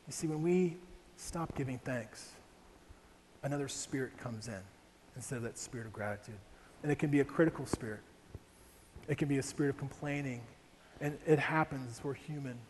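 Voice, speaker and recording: A man's voice: mid-range voice, moderate pace, long pauses, a little mellow, slight background noise. A young man from Ohio preaching a sermon, telling a family story with frequent rhetorical questions to the congregation. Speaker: pastor. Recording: long reverb of a large hall, faint ambience.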